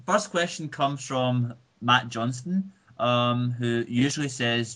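Bright-voiced Scottish man, joking host. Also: medium pitch, slow, hardly any pauses. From Scotland. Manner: joking, self-mocking, laughs often. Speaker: podcast host. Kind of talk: casual chat.

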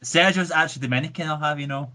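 A man's voice: fairly high pitch, rapid-fire, pushed and bright. A Scottish man hosting a podcast, joking and self-mocking in casual chat, laughing often. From Scotland. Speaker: podcast host.

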